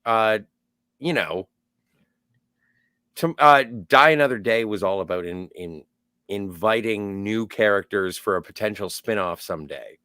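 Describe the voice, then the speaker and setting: Man podcast co-host, dry joking asides, lively pitch, close dry mic. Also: unhurried, long pauses, clear, resonant tone, no echo. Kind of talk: casual chat.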